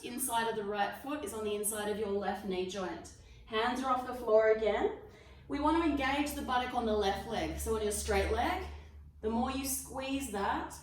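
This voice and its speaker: Australian woman yoga instructor, fairly high voice, calm breath cues, heard from a distance in a very echoey studio. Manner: calm step-by-step breathing cues, demonstrating while talking. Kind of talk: guided exercise class. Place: fitness studio. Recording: very echoey room, mic far off.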